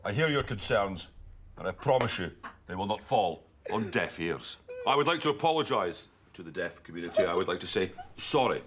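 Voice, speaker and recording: A man playing a pompous, over-apologetic bald police chief with a Scottish accent, giving a stiff, deadpan press statement. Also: deep voice, a little fast, noisy background. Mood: solemn.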